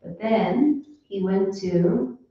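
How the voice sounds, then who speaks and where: A woman's voice: medium pitch, drawn-out words. A woman giving a casual devotional lecture, telling stories in a chatty way full of fillers, in a temple hall. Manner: chatty, lots of fillers, storytelling. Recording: echoey hall, distant mic, dull sound.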